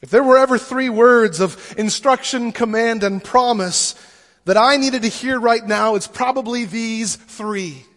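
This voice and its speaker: High-voiced pastor in a reverberant church. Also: male voice, unhurried, a bit bright. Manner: conversational and casual, with fillers. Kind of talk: sermon.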